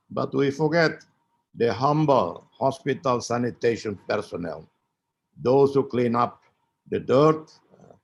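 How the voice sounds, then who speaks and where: A man giving a formal opening speech, measured and emphatic, with frequent pauses and fillers. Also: medium pitch, creaky, a little mellow. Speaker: keynote speaker.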